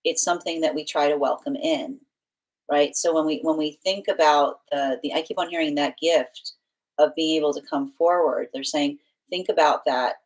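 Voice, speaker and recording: A woman's voice: low voice, steady tone, normal speed. A woman giving a live tarot reading in a casual, rambling way, laughing often and restarting her sentences. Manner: giggly, rambling, frequent restarts. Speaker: tarot reader.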